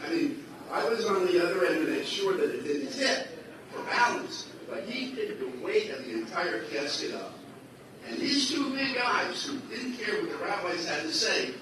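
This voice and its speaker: A man telling a long personal story at a religious gathering, acting out the dialogue of the people in it. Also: high-pitched. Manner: acts out quoted dialogue with shifting voices. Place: large echoey hall at a school. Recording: very echoey hall, voice from far off, noisy.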